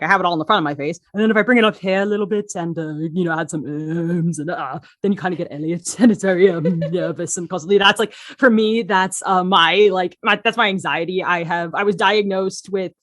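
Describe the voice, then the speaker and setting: Chatty woman voice actor, laughing often. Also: medium pitch. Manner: excitable, animated storytelling. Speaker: podcast guest, voice actor and writer. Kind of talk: casual interview chat.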